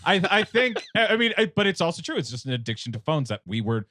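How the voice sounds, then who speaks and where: A man's voice: fairly high pitch, big pitch swings, quick pace, pushed and bright, no echo, clean studio sound. A man co-hosting a comedy podcast in casual chat, musing hesitantly and laughing often. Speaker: podcast co-host.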